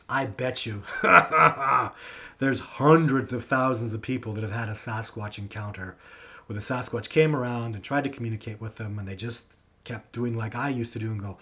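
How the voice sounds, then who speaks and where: A man hosting a live stream, answering viewer questions in a rambling, animated storytelling way with lots of restarts. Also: medium pitch. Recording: dull lo-fi stream audio.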